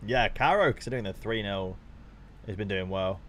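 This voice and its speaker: A young man chatting casually to his viewers on a live stream while watching football, swearing freely and getting excited. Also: fairly low pitch, moderate pace, slight background noise.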